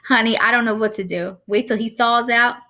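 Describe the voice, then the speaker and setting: A woman's voice: a little high, steady tone, fairly quick, bright, forceful tone. A woman doing a teasing, amused dad. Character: joking father, thirty-five, teasing.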